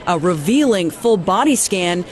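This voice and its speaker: A woman reporter reading a scripted television news piece in a measured delivery. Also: on the low side, animated, slight background noise.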